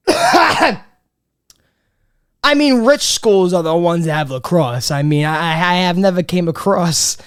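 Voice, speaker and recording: New podcast comic, smooth clear voice, rambling profane rant. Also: medium pitch, expressive, moderate pace, few pauses. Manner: profane, rambling, swings between loud bits and muttered asides. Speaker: comedy podcast host. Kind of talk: comedic rant.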